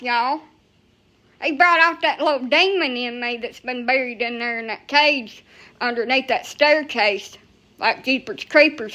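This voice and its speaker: High-voiced profane woman ranting. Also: pushed and bright. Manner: profane, heated, sassy, talks back to viewers. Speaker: livestreamer. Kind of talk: ranting live stream.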